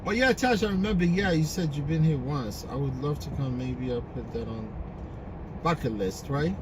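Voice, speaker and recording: A man's voice: on the high side, moderate pace, noisy background. A man chatting casually with live-stream viewers while driving for a rideshare service, greeting them by name. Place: car on city streets.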